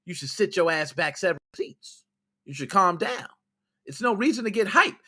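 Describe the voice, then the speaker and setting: A man's voice: sits high, expressive, normal speed, sharp tone. A man hosting a gaming podcast, ranting in a heated, exasperated way, scolding his listeners in casual slang with plenty of cursing. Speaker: podcast host.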